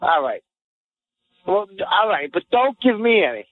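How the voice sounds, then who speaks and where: A man co-hosting a podcast, telling boastful stories in animated, casual banter and quick to get riled. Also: high voice. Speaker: podcast co-host. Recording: phone-like lo-fi audio.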